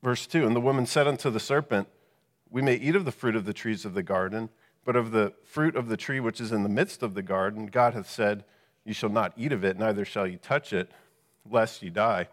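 A man's voice: lowish voice, a little fast, big-room sound. A man preaching a Bible lesson, explaining verses and asking rhetorical questions. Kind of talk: Bible teaching.

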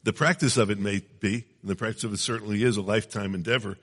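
Low-voiced man preaching in an echoey hall. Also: steady tone, fast, fairly bright tone. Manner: conversational, checks in with the audience often. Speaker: pastor. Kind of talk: sermon.

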